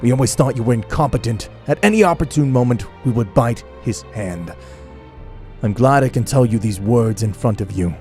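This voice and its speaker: A man plays a vengeful alien tyrant king with a mellow, darker voice, gloating and triumphant. The delivery is plain fan-story reading with light acting, set over faint background music. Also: medium pitch, moderate pace, natural voice.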